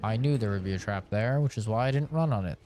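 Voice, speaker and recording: A man's voice: on the low side, fast, warm tone, faint music behind. A man streaming a video game, joking sarcastically and swearing freely as he plays. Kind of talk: casual gameplay commentary.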